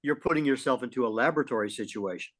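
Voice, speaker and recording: A middle-aged man co-hosting a casual talk show, folksy and lively, often clearing his throat. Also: medium pitch, rapid-fire. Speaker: podcast co-host. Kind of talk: casual conversational chat.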